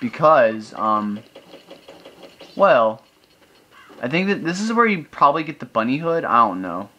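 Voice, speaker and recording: A man's voice: medium pitch, sing-song, a little slow, sharp tone, dull audio. A young man narrating his gameplay, ranting in exasperation with frequent exclamations. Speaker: let's play gamer. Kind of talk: gameplay commentary. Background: video game music.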